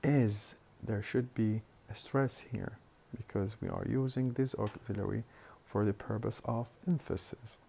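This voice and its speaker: A man lecturing on phonetics, explaining slowly and deliberately with hesitant fillers and repeated words. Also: fairly low pitch, fairly even intonation, vocal fry, dark tone, slight background noise. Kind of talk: recorded university lecture.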